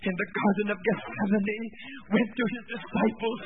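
A middle-aged man preaching a revival sermon in church, with emphatic repetition that builds to shouts. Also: sits high, fairly even intonation, normal speed, background noise. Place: church service. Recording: narrow phone-like lo-fi recording. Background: musical instrument playing.

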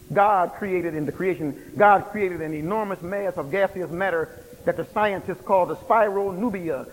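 A man preaching a sermon with emphatic, rhythmic delivery and repeated phrases. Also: sits high. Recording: long hall reverb.

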